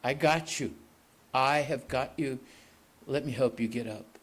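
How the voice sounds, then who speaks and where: A man voicing a calm, kind military pilot who speaks gently and reassuringly, in a slow reading. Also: mid-range voice.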